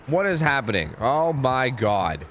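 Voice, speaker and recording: A man's voice: medium pitch, sing-song, unhurried, fairly bright tone. A man streaming a video game, giving casual commentary with exasperated, joking, rambling asides to his chat.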